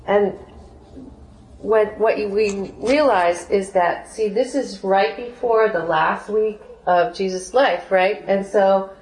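Woman, Bible study teacher, lively and laughing, mid-pitched, echoey room. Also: takes it slowly. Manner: animated, laughs often, acts out quoted voices. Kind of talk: scripture reading with commentary. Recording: roomy echo.

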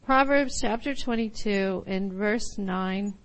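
A woman teaching a sermon, reading scripture aloud and then explaining it, with laughs and quick asides. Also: mid-range voice, poor audio. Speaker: Bible teacher.

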